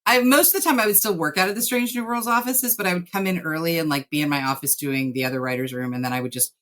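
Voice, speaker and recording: A woman's voice: deep voice, fast talker, fairly bright tone. A woman guesting on a podcast interview as a TV writer, laughing easily and speaking affectionately.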